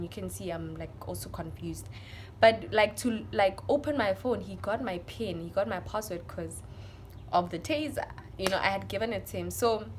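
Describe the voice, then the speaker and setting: A young woman with a South African accent tells a storytime vlog to her viewers in an emotional, animated way. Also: mid-range voice, a little hiss or hum. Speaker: vlogger.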